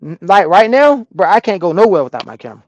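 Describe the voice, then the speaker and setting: Man, trucker streamer, casual slangy chat, slightly high voice, dry, dull cab audio. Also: very animated, fast, no echo. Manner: loose slangy talk, answering chat out loud. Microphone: small camera-mounted microphone.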